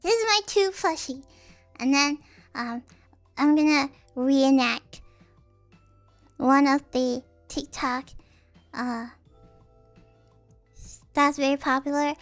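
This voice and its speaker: Very high-voiced rambling female streamer. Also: slow, pauses often, faint music behind. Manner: rambling, giggly, many restarts and fillers. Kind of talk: casual chat.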